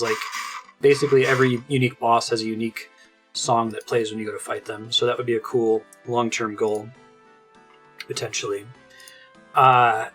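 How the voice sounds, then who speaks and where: An enthusiastic man gives casual gameplay commentary at a mid-range pitch. He rambles happily with plenty of fillers and restarts. Soft game music plays faintly behind him. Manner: chatty and enthusiastic, many fillers like "like". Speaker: let's play host.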